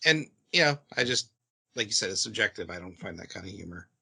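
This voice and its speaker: A man's voice: fairly low pitch, lively intonation, fast talker, creaky, bright, forceful tone, slightly rough. A man co-hosting a podcast, hesitant and full of fillers, giving blunt opinions. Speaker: podcast co-host. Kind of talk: casual chat.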